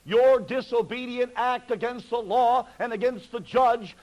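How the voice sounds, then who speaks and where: A man's voice: extremely high pitch, steady tone, measured pace, darkish tone, low-quality recording. A man preaching a fervent sermon from the pulpit, pleading with his listeners through repeated rhetorical questions.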